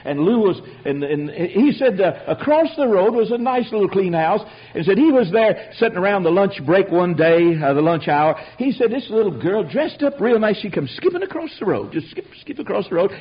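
Male preacher, high and very lively delivery, storyteller with asides, dull lo-fi recording. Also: normal speed, hardly any pauses, husky. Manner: animated storytelling with rhetorical asides. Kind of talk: sermon.

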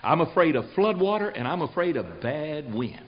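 A folksy older preacher spins stories in an emphatic, repetitive way. His voice sits somewhat high for a man, and the lo-fi recording sounds dull. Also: sing-song, moderate pace. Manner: folksy, emphatic, repeats phrases for effect. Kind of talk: storytelling guest on a talk show.

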